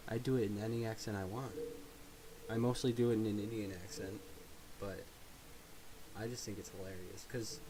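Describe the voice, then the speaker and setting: A young man hosting a podcast in casual chat, joking, laughing often and reading news headlines aloud. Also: lowish voice. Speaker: podcast host. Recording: faint hiss.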